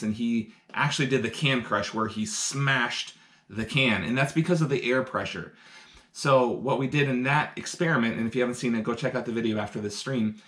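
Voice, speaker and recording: A man's voice: mid-range voice, a bit bright. A man hosting a live-streamed science lesson, upbeat and talking straight to his viewers. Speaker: science educator.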